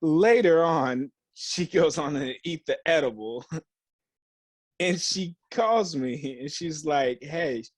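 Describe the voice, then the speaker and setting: A young man co-hosting a podcast chats casually in a slightly high voice at a slow pace, with no echo. Telling a story, he acts out quotes, swears freely, and uses plenty of slang.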